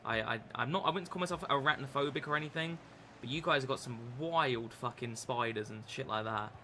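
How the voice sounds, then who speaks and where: A man's voice: medium pitch, a little fast, bright, forceful tone, a little hiss or hum. A young man chatting casually on a live stream while gaming, rambling with lots of fillers and restarts. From England.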